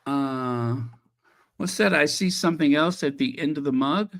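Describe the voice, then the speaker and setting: Slow-talking man hosting a livestream. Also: fairly high pitch, a bit bright. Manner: chatty, reacting to viewer messages with many fillers. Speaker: channel host. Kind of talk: casual livestream chat.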